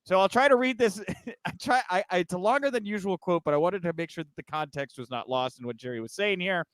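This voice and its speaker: Male podcast host, joking and sarcastic in casual news chat, with a smooth, high voice on a dry recording. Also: fast, a bit bright, no echo.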